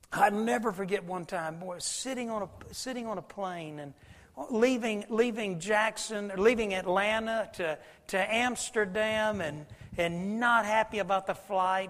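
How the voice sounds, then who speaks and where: A man preaching a sermon, telling a folksy story and swinging between loud and hushed. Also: high voice. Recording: long hall reverb.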